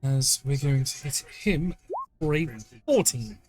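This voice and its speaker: Male player, a bit high-pitched, blunt and sweary. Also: unhurried, over music. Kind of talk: casual tabletop play.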